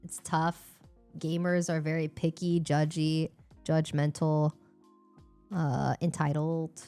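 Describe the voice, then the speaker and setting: A young woman streamer chatting casually, animated and expressive, laughing and swearing freely. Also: sits low, slow, clean tone, soft background music. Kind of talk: casual live-stream chat.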